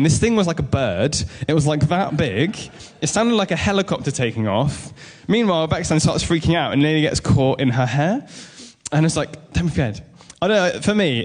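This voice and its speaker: A man preaching a sermon in a relaxed, conversational way, mixing Bible reading with personal stories. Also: medium pitch. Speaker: pastor.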